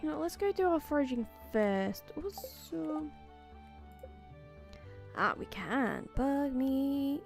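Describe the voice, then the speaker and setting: Woman, high voice, playful giggly gameplay chat, unhurried, faint game music behind. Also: big pitch swings, gravelly. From Wales. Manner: playful and giggly, chatting to viewers and talking to game items. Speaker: streamer. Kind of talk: casual live-stream gameplay chat.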